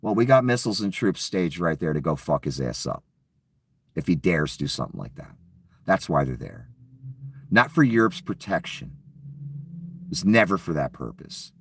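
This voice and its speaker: A man's voice: deep voice, sing-song, moderate pace, pauses often, fairly bright tone, far from the mic, a little hiss or hum. A man giving a casual, profane political rant, sarcastic and often acting out mocking quotes. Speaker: political commentator. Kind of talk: casual ranting commentary.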